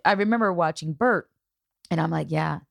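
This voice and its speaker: A woman in her forties with a notably low voice tells stories with feeling, chatting casually as a podcast host. She is recorded close and dry, with no room sound. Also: normal speed, gravelly, no room sound. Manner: emotional, animated storytelling with acted-out quotes. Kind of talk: casual chat.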